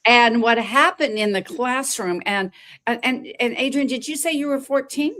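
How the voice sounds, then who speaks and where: A woman's voice: fairly high pitch, moderate pace, a bit bright. Older woman, guest storyteller: emphatic and theatrical, stumbles and restarts often. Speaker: guest, health practitioner. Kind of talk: storytelling in a casual conversation.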